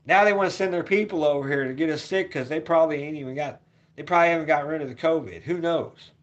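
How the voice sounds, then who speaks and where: Brief: male vlogger, voice sits a bit high, profane home rant that keeps repeating itself and jumps between loud and quiet. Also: fast, highs cut off. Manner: ranting, repetitive, profane, swings between loud and muttered. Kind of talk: rambling opinion rant.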